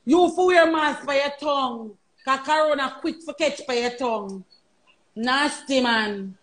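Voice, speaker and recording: A Jamaican woman live streaming, ranting loudly and mockingly with heavy cursing. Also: high voice, normal speed, poor audio.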